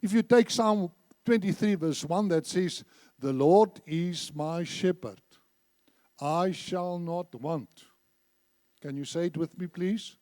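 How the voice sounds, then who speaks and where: A man's voice: sits high, slow, mellow, no room sound. A man preaching a sermon in a church, emphatic, repeating phrases and leading the congregation in reciting scripture. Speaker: church speaker.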